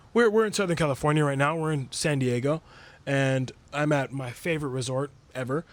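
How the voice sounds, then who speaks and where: A man's voice: high-pitched, fairly bright tone. A man giving a motivational business coaching talk, emphatic and repetitive, firing off rhetorical questions. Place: resort suite.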